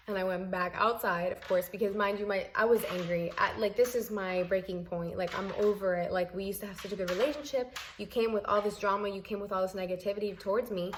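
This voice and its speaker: A woman's voice: medium pitch, slight background noise. A young adult woman telling a personal story in a vlog, emphatic and exasperated, repeating points for emphasis. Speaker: vlogger.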